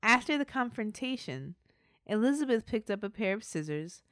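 A woman's voice: fairly high pitch, very animated, normal speed, a bit bright, no room sound, studio quality. A woman hosting a podcast, narrating a true-crime story in a chatty way with asides. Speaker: podcast host.

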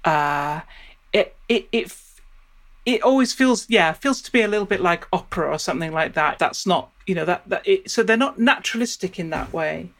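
Speaking at normal speed, this Shakespeare professor has a fairly low, expressive voice with a fairly bright tone. She thinks aloud during the interview, often breaking off and beginning her sentences again.

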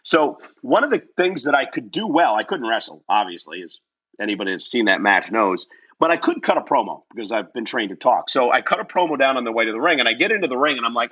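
Speaking quickly at medium pitch, a man tells a lively, self-mocking story while being interviewed casually as a guest. He acts out the voices of the people in it, and the sound is lo-fi.

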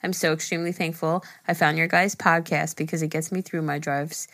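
A woman podcast co-host with a somewhat low voice, reading listener notes aloud. She laughs easily and leans playfully on the words. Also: little pitch movement, brisk, fairly bright tone. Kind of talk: casual podcast chat.

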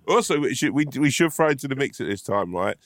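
A man co-hosting a podcast in a relaxed, chatty way. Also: mid-range voice. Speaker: podcast co-host. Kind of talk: casual chat.

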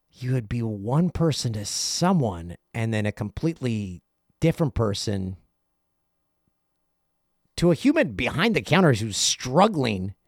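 A middle-aged man with a gravelly edge hosts his podcast, telling a casual story and popping into quick voices for the people in it. His voice sits at an ordinary pitch, and the recording is dry and close. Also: no echo. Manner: animated, acts out other people's lines in quick asides. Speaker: podcast host.

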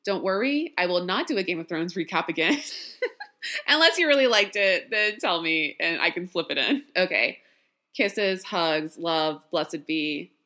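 A woman's voice: lowish voice, animated, normal speed. A tired woman with a Southern accent hosting a podcast, chatting casually and laughing at herself. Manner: chatty, warm sign-off with laughs, self-deprecating. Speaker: podcast host. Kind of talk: casual chat.

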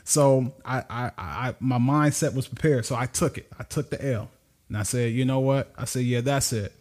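A man co-hosting a podcast shares a story in casual talk, speaking at normal speed with a medium-pitched voice. He keeps laughing and brings his quotes to life by acting out the speakers.

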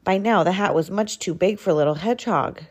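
A woman reading a children's picture book aloud in an expressive storytelling manner. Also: mid-range voice, a little fast, breathy edge. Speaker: storybook reader.

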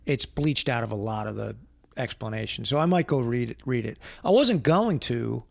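A man's voice: mid-range voice, animated, normal speed, creaky, no echo, studio quality. A man co-hosting a casual podcast chat, rambling and often trailing off while he hunts for names. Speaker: podcast co-host.

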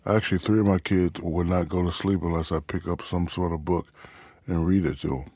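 Very deep-voiced relaxed middle-aged man. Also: a little fast, no echo. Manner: relaxed, storytelling, many "you know" fillers. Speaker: interview guest, author. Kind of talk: casual interview answers.

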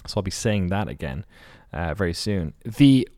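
Rambling man, low dry voice. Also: animated, moderate pace, dark tone, no room sound. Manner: rambling, off-the-cuff, swears, corrects himself often. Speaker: podcast host. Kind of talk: solo podcast monologue.

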